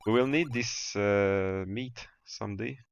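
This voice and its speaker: A French-speaking man from Quebec with a Québécois French accent, chatting loosely while he plays a game live, with halting starts, fillers and restarts. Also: lowish voice, creaky, smooth. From Quebec, Canada. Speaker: streamer. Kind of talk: casual gaming livestream chat. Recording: faint game music underneath.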